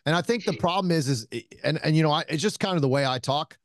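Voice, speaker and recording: A man with a slightly higher voice hosts a casual chat, giving relaxed coaching advice. His voice sounds dry and close, with no room echo. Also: fast. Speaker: host and shooting coach.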